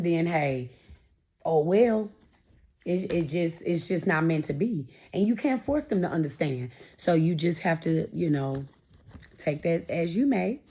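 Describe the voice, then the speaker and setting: A woman's voice: medium pitch, a little mellow. A woman giving a casual tarot reading straight to her viewers, encouraging and repeating phrases for emphasis. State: getting emotional. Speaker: tarot reader.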